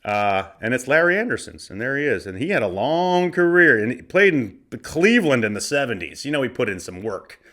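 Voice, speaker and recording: A man's voice: medium pitch, big pitch swings, a little fast, hardly any pauses, a bit bright. A man in his forties from Arizona hosting a podcast, riffing through a box of cards in a joking, profane, casual way. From Arizona, USA. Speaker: podcast host. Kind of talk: casual comedic card-opening commentary.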